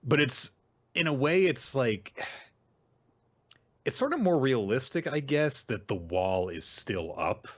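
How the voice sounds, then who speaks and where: Slow and prone to long pauses, this mid-range male voice comes through with the highs cut off. The podcast co-host rambles animatedly through a manga recap, chatting casually with many fillers.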